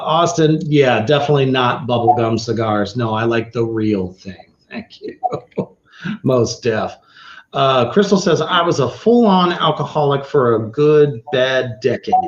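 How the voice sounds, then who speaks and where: A man hosting a casual livestream, reading viewer comments aloud, swearing freely and laughing often. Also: mid-range voice. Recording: roomy, slightly dull sound.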